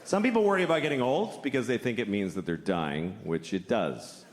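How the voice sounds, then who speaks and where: Male comedian, deadpan dark one-liners, lively pitch swings, echoey hall, loud audience noise. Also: brisk. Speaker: stand-up comedian. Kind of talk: stand-up routine. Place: live comedy stage before an audience.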